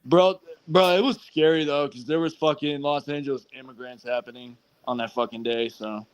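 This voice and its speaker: A man chatting excitedly on a stream, swearing casually. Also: mid-range voice, moderate pace, clear, resonant tone, muffled recording. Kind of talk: casual gaming stream chat.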